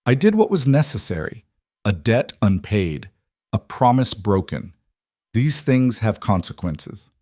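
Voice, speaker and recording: A man's voice: lowish voice, very animated, unhurried, darkish tone, dry recording, studio quality. A man voicing a cruel ancient witch woman with a mocking, menacing manner.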